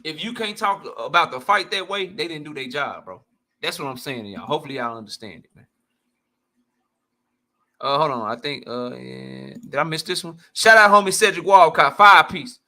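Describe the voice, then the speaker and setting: A man with a high, bright voice hosting a boxing channel, answering his live chat with casual commentary. He talks in an animated, blunt way, with heavy slang and plenty of swearing. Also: moderate pace. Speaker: boxing YouTube host.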